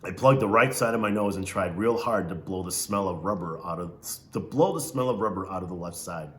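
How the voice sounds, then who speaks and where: A man reads a novel aloud in a low-pitched voice. He narrates steadily and stops to ask his listeners questions along the way. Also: fairly quick, a bit bright, roomy sound, slight background noise. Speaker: reader.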